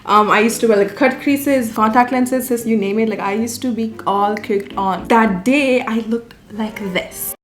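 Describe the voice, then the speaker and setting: A woman's voice: fairly high pitch, unhurried, hardly any pauses. A woman in her twenties, a beauty vlogger, chatting casually as she does her makeup, swearing freely and telling stories with animation. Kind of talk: casual get-ready-with-me chat. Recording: echoey room.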